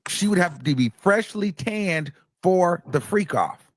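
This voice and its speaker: A man hosting a casual live stream, recapping a court case with animated storytelling and acting out quotes, chatting with his viewers. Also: high voice, unhurried, no echo. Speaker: host of a live commentary stream.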